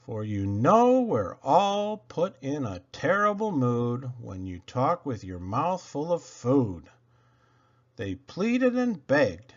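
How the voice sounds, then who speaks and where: A man's voice: medium pitch, wildly swooping pitch, slow, highs cut off. A man reading children's poems aloud, playful and theatrical. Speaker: children's book reader.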